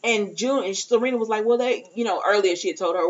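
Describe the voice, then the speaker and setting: Woman, casual TV recap, rambling, acts out the characters' lines, middle pitch, dull lo-fi sound. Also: sing-song, fast, hardly any pauses. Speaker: TV recap reviewer.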